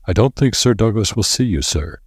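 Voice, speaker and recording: A man with a deep, husky voice voicing a shrunken old butler in an audiobook. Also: animated, fairly quick, dry recording, clean studio sound. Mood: apologetic. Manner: deferential, apologetic.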